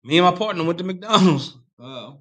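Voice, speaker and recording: A man's voice: high voice, expressive, a little fast, sharp tone. A man on a podcast telling a rambling, profane story in casual chat.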